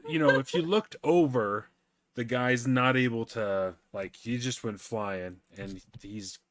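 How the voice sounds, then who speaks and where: A man narrating as game master in a relaxed, storytelling way. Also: medium pitch, a little slow, noisy background.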